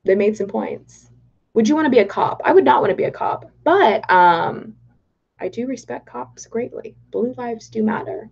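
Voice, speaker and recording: A young woman from Dallas with a Texan accent, chatting excitably on a livestream and reading viewer comments aloud. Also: on the high side, normal speed, creaky, breathy edge. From Texas, Dallas. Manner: bubbly and excitable, reads chat aloud. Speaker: political vlogger. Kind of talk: casual livestream chat. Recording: dull lo-fi livestream audio.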